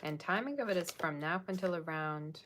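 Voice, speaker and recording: Low-voiced chatty woman reading tarot. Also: a little fast, a bit bright, a little hiss or hum. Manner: chatty, rambling, thanks viewers by name. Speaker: tarot reader. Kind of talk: casual livestream tarot reading.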